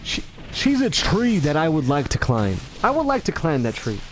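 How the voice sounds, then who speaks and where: A man's voice: on the high side, huge pitch swings, moderate pace, a little hiss or hum. A man in a rambling casual monologue, stumbling and correcting himself as he goes and acting out greetings in different tones. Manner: restless, self-correcting, stumbling over words; acts out greetings in shifting tones.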